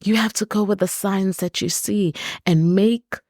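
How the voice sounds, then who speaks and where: A woman's voice: mid-range voice, steady tone, measured pace, dark tone, no room sound, clean studio sound. A woman hosting a solo podcast, talking earnestly and reflectively, building points through emphatic repeated lists. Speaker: podcast host.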